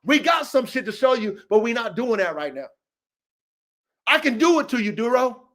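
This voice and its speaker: A man's voice: extremely high pitch, very animated, normal speed, fairly bright tone. A man hosting a dog-training show, delivering a heated, profane, repetitive rant that calls out a rival.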